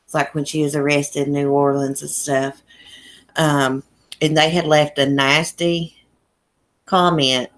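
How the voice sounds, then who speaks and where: Low-voiced country woman from Virginia. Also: level tone, unhurried, long pauses. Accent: Southern Appalachian country. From Southwest Virginia. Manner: chatty and folksy, laughs often. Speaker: YouTube livestream host. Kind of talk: casual livestream chat reading comments. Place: home in a small mountain town.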